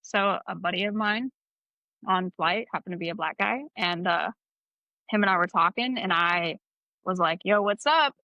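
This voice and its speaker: Young woman podcast co-host, blunt profane storyteller, bright tone with heavy vocal fry. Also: fairly low pitch, moderate pace, no echo. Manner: candid, profane, animated storyteller. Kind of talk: casual storytelling chat. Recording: slightly dull, dry sound.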